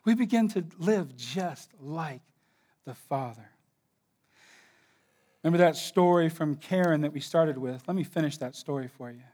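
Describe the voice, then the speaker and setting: A man preaching a sermon with passion, rising to loud bursts and dropping to hushed, quiet lines. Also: a little high, lively intonation, measured pace, long pauses. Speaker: pastor.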